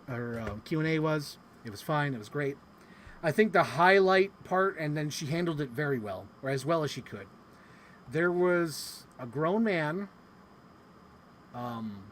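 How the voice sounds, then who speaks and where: A man hosting a casual talk show, telling a story in an animated, rambling way and swearing often. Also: medium pitch, a little hiss or hum. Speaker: podcast host. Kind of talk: casual chat recapping a convention.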